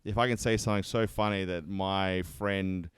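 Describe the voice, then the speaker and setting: A man who performs improv comedy, chatting casually on a podcast, animated and swearing freely. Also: deep voice, normal speed, clear, resonant tone, no echo. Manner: animated, swears freely, acts out quoted voices.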